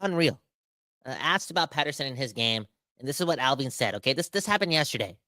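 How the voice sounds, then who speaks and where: A man hosting a sports podcast, ranting with animated, emphatic exasperation. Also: medium pitch, quick pace, no echo, clean studio sound. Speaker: podcast host.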